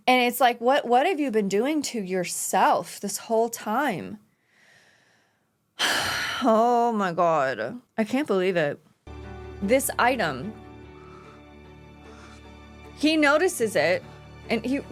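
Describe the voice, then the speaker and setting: A woman's voice: fairly low pitch, expressive, takes it slowly, faint music behind. A woman hosting an anime reaction video, talking earnestly and emotionally about an episode, with sighs and exclamations. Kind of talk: casual reaction commentary.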